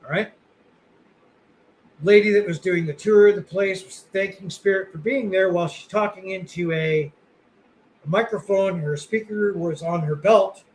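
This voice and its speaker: A man with a fairly high voice talks casually as a podcast co-host. He rambles, stacks up fillers and restarts, and swears bluntly. A faint hum sits behind him. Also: moderate pace, low-quality recording.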